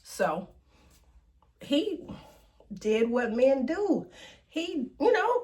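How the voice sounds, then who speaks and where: A woman's voice: medium pitch, lively intonation, takes it slowly, far from the mic. A woman hosting a celebrity gossip show, talking in a sassy, emphatic way and swearing freely. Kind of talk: animated celebrity gossip commentary.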